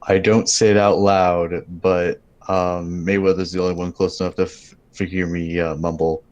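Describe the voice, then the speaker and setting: A man's voice: deep voice, level tone, moderate pace, few pauses, darkish tone, muffled recording. A man playing a tabletop role-playing game, describing his character's actions in a wry way. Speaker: player.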